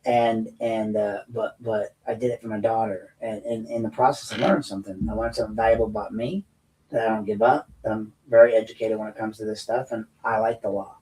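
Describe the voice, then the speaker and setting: A man's voice: fairly low pitch, fairly even intonation, fairly quick, mellow, recorded from a distance, rough recording. A man hosting his own show, giving a rambling, combative monologue with many restarts. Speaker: show host and veteran. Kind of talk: monologue commentary.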